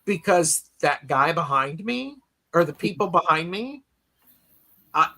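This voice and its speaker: A man's voice: on the high side, animated, a little slow, creaky, sharp tone. A man hosting a podcast in casual chat, telling stories in a rambling way with many fillers and restarts. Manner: reads listener comments aloud. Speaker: podcast host.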